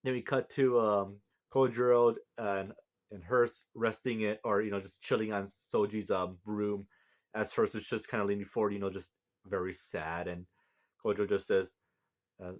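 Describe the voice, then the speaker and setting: A man's voice: fairly low pitch, steady tone, moderate pace. A tired man recapping a manga chapter in a casual, rambling way with many fillers and restarts. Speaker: manga reviewer.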